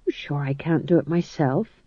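A man's voice: fairly high pitch, expressive, normal speed, mellow, dry recording, highs cut off. A man voicing a fussy, polite young male king in an audiobook reading. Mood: plaintive. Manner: prim, plaintive. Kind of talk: audiobook narration.

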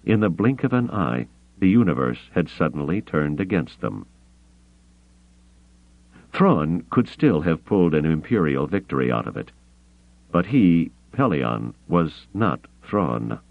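A man narrating a novel as an audiobook, reading dramatically with measured pauses. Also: a bass voice, sing-song, vocal fry, no echo. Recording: tinny phone-like audio.

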